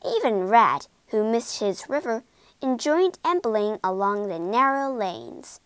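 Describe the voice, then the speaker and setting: A woman reading a children's storybook aloud, expressive and unhurried. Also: on the high side, clear, resonant tone, no room sound. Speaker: storybook narrator.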